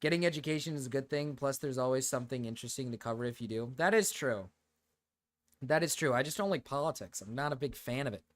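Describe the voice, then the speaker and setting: A man's voice: medium pitch, expressive, fast. A man hosting a livestream, chatting casually and reading chat questions, rambling and self-deprecating. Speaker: streamer host.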